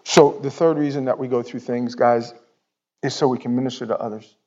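A man preaching a sermon in a conversational way, jumping from loud outbursts to near-whispers. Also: mid-range voice, fairly even intonation, normal speed, highs cut off. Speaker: pastor.

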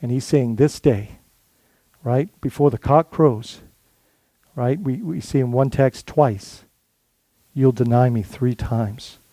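A man's voice: medium pitch, slow, long pauses, mellow, dry recording. A male lead pastor preaching a sermon in a conversational way, full of rhetorical questions and restarts.

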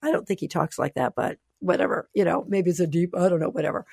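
A woman author talking as a guest in an interview, animated and expressive, sometimes playful. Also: on the low side, fast talker, creaky, slightly rough, no echo, clean studio sound. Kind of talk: conversational interview.

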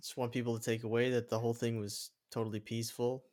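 A man's voice: medium pitch, flat delivery, fast, a little mellow, no room sound, studio quality. A man from Canada chatting casually as a podcast co-host, rambling and filling his talk with "like" and "um". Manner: rambling, full of fillers and "like". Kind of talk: casual chat.

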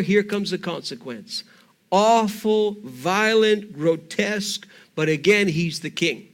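A man preaching, retelling a scripture story with lively, conversational energy. His voice sits high, and he keeps pulling listeners in with rhetorical questions. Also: slow. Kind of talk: sermon storytelling.

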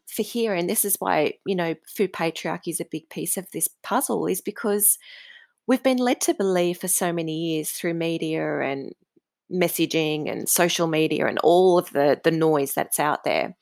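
A woman's voice: fairly low pitch, moderate pace, vocal fry, a little mellow, no echo. A woman guest on a podcast, a food coach, talking in a flowing, emphatic way with frequent fillers. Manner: flowing, emphatic talk with many "like" and "you know" fillers. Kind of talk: casual podcast conversation.

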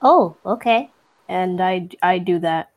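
Woman player, tabletop game, very slow, unsure, excitable. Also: on the low side.

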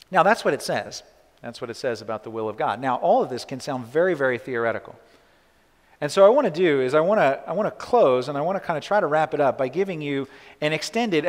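Man preaching in a reverberant hall. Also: mid-range voice. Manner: earnest storytelling, acts out quoted voices. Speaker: pastor. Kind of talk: sermon.

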